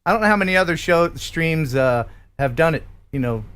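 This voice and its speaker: A man's voice: fairly high pitch, animated, fairly quick, a bit bright, clear, resonant tone. A man hosting a live stream, joking casually and reading out donations with an upbeat lift. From USA. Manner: jokey, chatty, reads names with upbeat lift. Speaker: livestream host.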